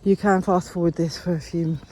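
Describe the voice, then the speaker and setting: A woman's voice: on the low side, steady tone, brisk, mellow, slight background noise. A woman talking earnestly and encouragingly in a casual walk-and-talk vlog outdoors, rambling a little as she goes. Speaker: vlogger. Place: outdoors on a walk along a path.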